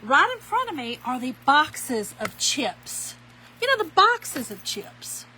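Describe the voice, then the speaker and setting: A woman's voice: high voice, sing-song, takes it slowly, sharp tone, a little hiss or hum, rough recording. A middle-aged woman, chatting folksily to viewers while demonstrating a craft and telling a funny story. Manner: folksy, giggly, addresses viewers as y'all. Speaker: craft tutorial host.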